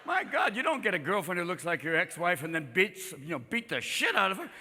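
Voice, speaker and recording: A man in his fifties doing a stand-up comedy set in a live venue, manic and profane, jumping into quick impressions. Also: sits high, sing-song, pushed and bright, long reverb tail. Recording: live crowd noise behind.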